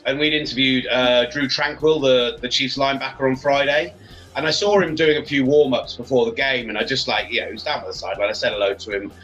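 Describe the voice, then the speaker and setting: A man's voice: mid-range voice, steady tone, quick pace, a bit bright, soft background music. A man, a sports radio presenter chatting enthusiastically as a podcast guest. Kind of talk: casual podcast chat. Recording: slightly dull, lo-fi sound.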